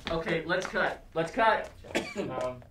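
A man's voice: fairly high pitch, animated, slow, reverberant, far from the mic, noisy background. An actor playing a harried film director who coaxes his model and keeps calling action and cut. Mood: coaxing. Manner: cajoling, flustered, calls action and cut.

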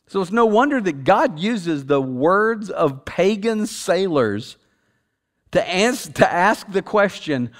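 A senior pastor, a man, preaching in a casual, talky way with a slightly high voice. He repeats himself for emphasis, leans on "like" and "you know," and drops from emphatic loud peaks to hushed, intimate passages. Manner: conversational preaching, swings between loud emphatic peaks and hushed, quiet stretches. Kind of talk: sermon.

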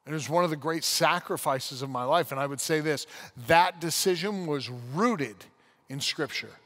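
A man in his forties, a church pastor, talks on a podcast in a slightly higher than usual voice. He tells a personal story with energy and acts out each scene. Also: moderate pace. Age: 40s. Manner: lively storyteller acting out scenes. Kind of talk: casual podcast conversation.

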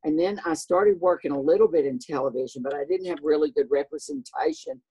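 Older southern guy, high voice people mistake for a woman's, husky, acts out the voices as he goes. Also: brisk. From American South. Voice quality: high voice often taken for a woman's. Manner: animated, acts out voices in his stories. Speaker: guest. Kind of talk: casual anecdotal storytelling.

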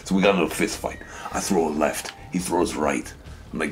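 Very deep gravelly man telling tall tales. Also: a little fast, slight background noise. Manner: rambling absurd tall tales, swearing, laughing. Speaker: let's play co-host. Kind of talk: comedic storytelling while gaming.

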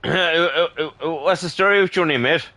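A man's voice: fairly high pitch, quick pace, bright, forceful tone. A man with an Irish accent, a gaming streamer chatting casually with another player, joking boisterously and swearing freely. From Ireland. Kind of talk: casual voice chat while gaming.

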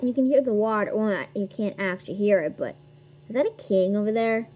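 A woman giving casual gameplay commentary as a video host, excitable and quick to gasp at new things. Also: medium pitch, highs cut off. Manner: excitable, gasps and squeals at discoveries.

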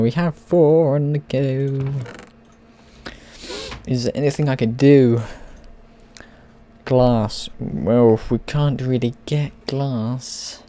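A man's voice: mid-range voice, mellow. A man giving playful, rambling commentary as he plays a game, chatting to the characters on screen. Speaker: gaming channel host. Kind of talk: gameplay commentary.

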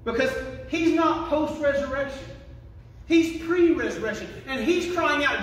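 A man preaching a sermon as pastor, emphatic and building to shouted quotations. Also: very high-pitched, unhurried. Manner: emphatic preaching, rising to shouts when quoting. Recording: echoey, distant room mic.

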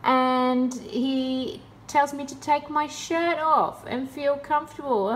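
A woman's voice: high voice, slow, hardly any pauses, a little hiss or hum. A woman in a casual vlog, talking in a sarcastic, exasperated way. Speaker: vlogger.

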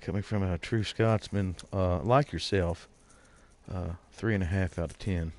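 A man's voice: low voice, measured pace, darkish tone. A man streaming a game and chatting casually with his viewers, bantering with them by name. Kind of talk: casual live gameplay commentary.

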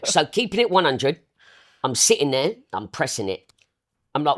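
A woman's voice: deep voice, very animated, moderate pace. A woman, the artist's manager, talking in a casual podcast chat. She speaks emphatically and confidently, often checking in with "okay?" and "all right?". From England. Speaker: artist manager and guest co-host.

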